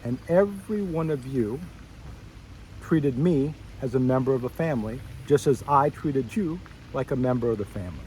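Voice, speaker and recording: A man's voice: mid-range voice, moderate pace, slight background noise, low-quality recording. Man telling a school memory. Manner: storytelling, acts out his own past reactions with rising excitement; wandering, self-correcting asides. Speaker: former student addressing a school reunion. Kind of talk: personal reminiscence to old classmates.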